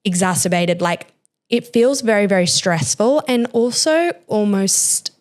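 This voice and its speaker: A woman's voice: medium pitch, expressive, unhurried, a little mellow. A young woman hosting a podcast, speaking candidly and emotionally, with many "like" fillers. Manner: emotional, confessional, heavy use of "like". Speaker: podcast host. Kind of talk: candid personal podcast talk.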